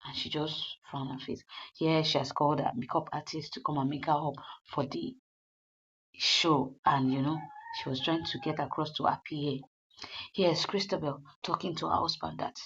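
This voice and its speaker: A woman's voice: low voice, steady tone, moderate pace, a bit bright, husky. A woman casually retelling a comedy episode as a reviewer, acting out the lines and turning emphatic and scolding. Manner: retells scenes in quoted character lines, grows emphatic and scolding. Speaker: movie reviewer. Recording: dull lo-fi sound.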